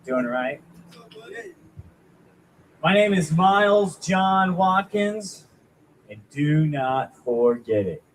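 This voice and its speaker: A man's voice: on the high side, lively intonation, takes it slowly, long pauses, a little hiss or hum, rough recording. Self-mocking young man doing stand-up. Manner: self-deprecating, rambling, chats with the crowd. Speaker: stand-up comic. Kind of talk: stand-up comedy set. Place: small venue at an open mic.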